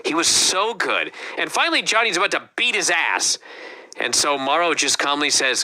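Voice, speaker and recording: Loud animated guy cursing thru a wrestling review, bright voice. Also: a little high, moderate pace. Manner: animated, profane, ranting. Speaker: podcast co-host. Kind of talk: casual wrestling review chat.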